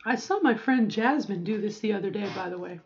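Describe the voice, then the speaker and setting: A woman's voice: medium pitch, a little fast, dull audio, a little hiss or hum. Chatty middle-aged woman vlogging. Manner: chatty, often checks in with "okay?"; rambling with asides. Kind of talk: casual talk to camera.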